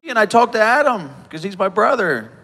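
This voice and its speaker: A man giving an emotional personal testimony from a conference stage, halting and often repeating himself as he talks. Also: high voice, very animated, long reverb tail, loud music behind the voice. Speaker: preacher speaking at a conference.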